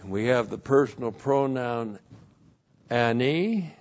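A man works through a Bible passage verse by verse, stressing each point and repeating key phrases. He speaks at a slow, deliberate pace. The recording is dull and lo-fi. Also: mid-range voice, lively intonation, darkish tone. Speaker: Bible teacher.

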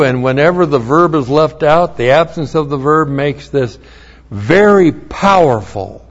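A pastor teaching through a Bible passage word by word, spelling out terms letter by letter, with dry humorous asides. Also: male voice, fairly high pitch, lively intonation. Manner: slow, emphatic, spells out words letter by letter. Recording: dull lo-fi recording.

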